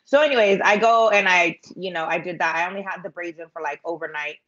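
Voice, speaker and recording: A woman's voice: on the low side, fast, a bit bright, muffled recording. A middle-aged woman rambling through a story on a live stream, chatty and self-mocking, with lots of fillers. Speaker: vlogger telling a story.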